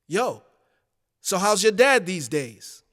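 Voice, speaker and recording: A man doing a courteous mail clerk, eager to help and politely deferential. His voice is on the high side and slow, with a long echoing tail. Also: very animated, fairly bright tone, full character voice. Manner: polite and obliging.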